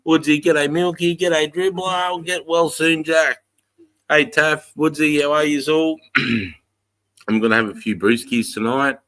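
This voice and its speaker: A man's voice: on the high side, fairly even intonation, unhurried, a bit bright. A middle-aged Australian man hosting a casual livestream, greeting viewers in a laid-back, sweary way. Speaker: livestream host.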